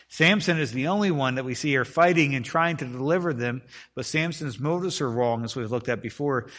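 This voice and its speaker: A man's voice: mid-range voice, fairly bright tone. A man preaching to a group, reading scripture aloud and explaining it in casual everyday words, acting out the people in the story. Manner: acts out the lines of the people in the text. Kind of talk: expository Bible teaching to a group.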